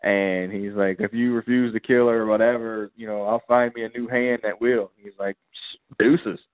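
This podcast co-host has a lowish voice and a flat delivery at normal pace, with no echo but a tinny, phone-like line. Relaxed in manner, he runs through episode recaps and performs the characters' lines in slang.

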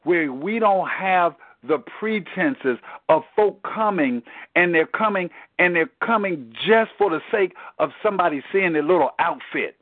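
A man leads a Bible study over the telephone, his voice high and his delivery earnest, restarting phrases as he works toward a point. The sound is thin and phone-like, with no room around it. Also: expressive, measured pace, dry recording. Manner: earnest preaching, repeats words as he restarts. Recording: tinny dry phone line.

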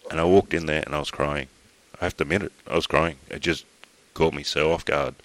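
A middle-aged Australian man with a remarkably deep, low voice hosts a casual podcast. He wanders through his story with false starts and the odd swear word. The sound is dry, with no room echo. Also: steady tone, fairly bright tone. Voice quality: rambling, talks in halting restarts, swears casually. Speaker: podcast host.

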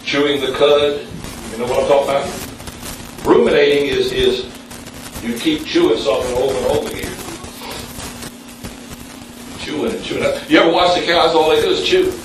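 A man preaching a sermon in a church, calling on the congregation for responses and jumping up in pitch for emphasis. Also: fairly even intonation, normal speed, pauses often, noisy background. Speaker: pastor. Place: church sanctuary. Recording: very echoey room, mic at a distance.

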